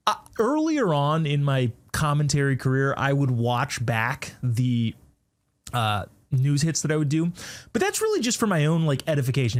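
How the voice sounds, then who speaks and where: A talk show host giving a sarcastic political commentary monologue, with mocking asides and a conversational delivery full of restarts. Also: medium pitch.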